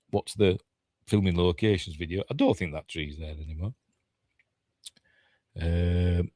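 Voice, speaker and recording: A man with a Yorkshire accent from England gives a casual, rambling watch-along film commentary as a film reviewer. His voice is deep and darkish, recorded with clean studio sound and no echo, and he thinks aloud, correcting himself as he goes.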